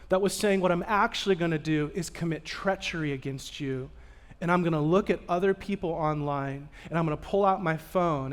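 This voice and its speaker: A male pastor preaching a sermon, telling stories with animation and swinging from loud bursts to hushed asides. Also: high-pitched. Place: church sanctuary.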